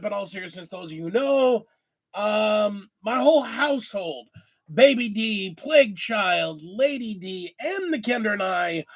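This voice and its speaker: A man with a high voice talks straight to his viewers in a loose, rambling way. He sounds worn out, with a lingering cough. He swears casually as he goes. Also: fairly bright tone. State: tired, lingering cough after illness. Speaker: host. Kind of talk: casual chat to camera.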